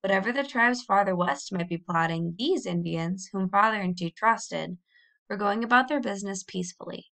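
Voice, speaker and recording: A woman reading a children's novel aloud in a measured, expressive storybook narration. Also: medium pitch, vocal fry. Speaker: audiobook reader.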